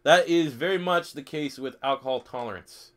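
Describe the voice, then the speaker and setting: A man's voice: on the high side, normal speed. A young man live streaming a football video game, swearing freely, joking and reading chat questions aloud. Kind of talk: casual live stream commentary.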